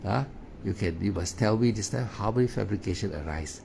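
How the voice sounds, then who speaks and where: A man's voice: fairly low pitch, fairly quick, gravelly, warm tone, slight background noise. A man teaching meditation in a Dharma talk, in broken English with many "ah" fillers and repeated words. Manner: non-native English grammar.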